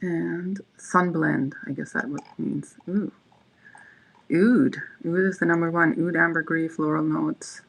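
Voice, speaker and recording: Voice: medium pitch, fairly even intonation, unhurried, creaky, low-quality recording. A livestream host in casual chat, rambling and reading viewers' messages aloud. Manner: frequent fillers and restarts.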